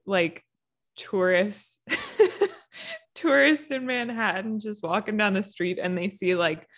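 A woman co-hosting a podcast in casual chat, giggly and wry. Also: mid-range voice. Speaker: podcast co-host.

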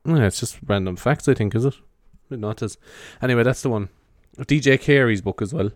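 Medium in pitch and brisk in pace, an Irish man podcasts in a hushed, half-whispered ASMR ramble while carrying a handheld microphone around his bedroom. He meanders and chats easily, swearing without restraint. It's a dry, studio-quality recording.

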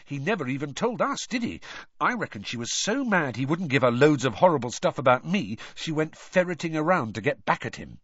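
A man's voice: a little high, sing-song, a little fast, fairly bright tone, slightly rough, dry recording, lo-fi sound, pitched above the performer's own voice, full character voice. A man voicing a fierce, angry teenage boy who snaps his words. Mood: bitter. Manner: heated, snapping.

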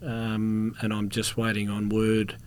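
A man's voice: fairly low pitch, completely flat delivery, unhurried, slight background noise. A middle-aged Australian man, a former police officer and security contractor, telling rambling anecdotes as a podcast guest and coughing now and then. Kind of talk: casual storytelling interview.

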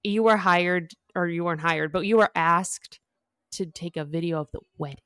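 Relaxed, lower-voiced woman co-host. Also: normal speed, smooth, no echo, clean studio sound. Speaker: podcast co-host. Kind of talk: casual chat about books and movies.

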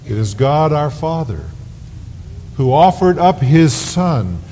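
A man preaching a sermon as pastor, slow and deliberate, leaning hard on key words. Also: big pitch swings, mellow. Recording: 1990s sermon tape with long reverb and faint rumble.

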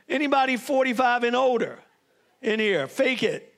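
High-voiced preaching bishop, call-and-response. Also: male voice, slow pace, long pauses. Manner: call-and-response with the congregation, excitable and joking. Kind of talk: sermon.

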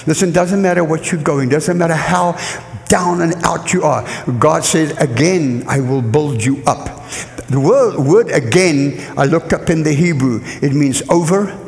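A man preaching a lively sermon to a church congregation, leading call-and-response. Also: fairly high pitch, a little slow, vocal fry. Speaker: guest preacher. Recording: echoey church hall.

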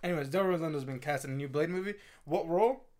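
A man's voice: fairly high pitch, fast, darkish tone. A man co-hosting a podcast in casual chat, teasing his partner with joking mock threats. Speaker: podcast co-host.

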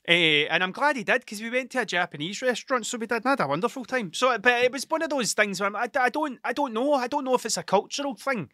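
A man's voice: high-pitched, quick pace, sharp tone, no echo, studio quality. A young Scottish man talking in a sweary, rambling monologue, often cutting himself off and restarting, as the host of his own show. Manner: sweary, rambling, self-interrupting. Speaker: podcast host.

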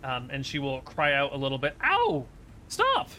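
A man narrating as game master in a tabletop role-play, relaxed and filling pauses with "um". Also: mid-range voice, slight background noise. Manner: relaxed narration with frequent fillers.

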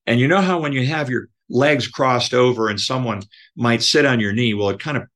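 A man guest telling a personal story, earnest and emotional, halting with many fillers and restarts. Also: medium pitch, a bit bright. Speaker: podcast guest.

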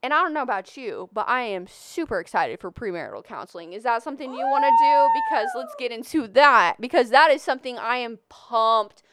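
A woman's voice: a little high, huge pitch swings, brisk, hardly any pauses, heavy background noise. A woman in her twenties co-hosting a faith podcast, talking earnestly and encouragingly. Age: 20s. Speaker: podcast co-host. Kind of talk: casual chat.

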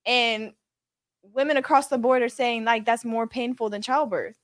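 A woman's voice: fairly high pitch, steady tone, moderate pace, no room sound. A woman co-hosting a podcast, talking bluntly and emphatically in casual chat. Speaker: podcast co-host.

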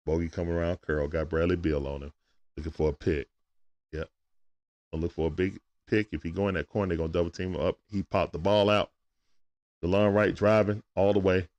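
A man giving casual, excitable play-by-play commentary on a live stream, chatting with his viewers in slang. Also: low voice, brisk, muffled recording.

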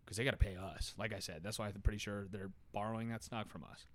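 A young man in casual podcast chat, animated and swearing freely, his voice jumping up when he gets worked up. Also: lowish voice, quick pace. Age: young adult.

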